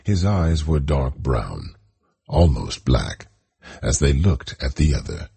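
Very deep gravelly male narrator. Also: sing-song, slow, warm tone. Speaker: audiobook narrator. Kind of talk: scripted storybook narration.

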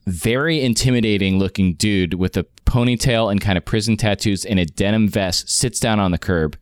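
A man's voice: on the low side, normal speed, clean tone, dry recording. A man in his forties telling a long anecdote in casual chat, rambling with many restarts and fillers.

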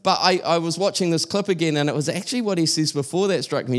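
A man's voice: on the high side, fast, few pauses. A man giving a sermon at a church service, talking casually with frequent restarts and emphatic repetition. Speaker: preacher.

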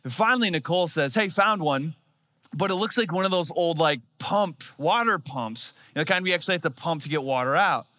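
Bright, animated man preaching a sermon. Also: a little high, a little fast, dry recording, studio quality. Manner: animated storytelling with self-mocking humor. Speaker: pastor.

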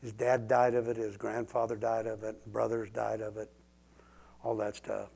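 Man, preacher, gravelly voice, whispered prayers, loud declarations. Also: lowish voice, monotone, moderate pace. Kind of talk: live sermon with prayer.

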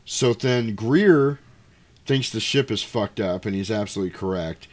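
A man casually retelling a movie's plot, jumping into quick acted-out quotes of the characters. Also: on the low side. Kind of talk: casual movie recap chat.

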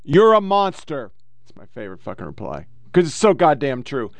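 A man hosting a political podcast. He reads quotes quickly in a mocking tone and swears and heckles between them. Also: medium pitch, huge pitch swings, vocal fry, dry recording. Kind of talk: profane political commentary reading quotes.

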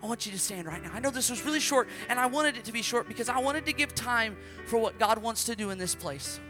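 A man preaching at a children's service, telling the story dramatically and shouting out acted quotes. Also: very high voice, lively intonation, quick pace, music in the background. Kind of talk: interactive children's sermon.

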